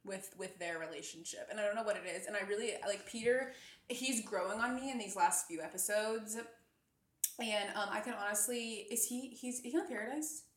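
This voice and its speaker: A woman's voice: mid-range voice, a little fast, reverberant. A woman co-hosting a casual chat podcast, talking in a loose, rambling way with lots of "like" and restarts. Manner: chatty, lots of "like" and trailing restarts. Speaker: podcast co-host.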